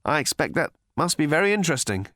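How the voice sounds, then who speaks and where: A man's voice: on the high side, big pitch swings, quick pace, pushed and bright, no room sound, studio quality, pitched above the performer's own voice. A man voicing a hapless, flustered man who stutters and hesitates. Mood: awkward. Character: Arthur Dent, flustered hapless Englishman.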